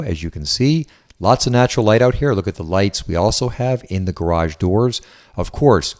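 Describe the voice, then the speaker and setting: Indoors, a real estate agent who lives in Southwest Florida gives an enthusiastic, chatty walkthrough of a house. His voice is low-pitched and a little mellow.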